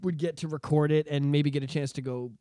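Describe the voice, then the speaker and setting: A man's voice: fairly high pitch, fairly even intonation, a little fast, warm tone, no room sound, studio quality. A young adult man from Canada, hosting a podcast and ranting in casual, profane political chat with lots of repetition. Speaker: podcast host.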